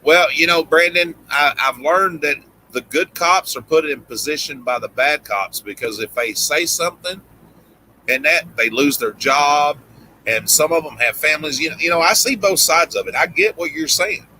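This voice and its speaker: A middle-aged Tennessee man talks loosely on a live stream, padding his sentences with fillers and restarts. His country accent is plain, and his voice is very bright and edged. A faint background hum runs under him. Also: on the high side, expressive, moderate pace, rough recording. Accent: Southern US, Tennessee. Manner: rambling, frequent "you know" fillers and restarts. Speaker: livestream host. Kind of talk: casual live-stream chat.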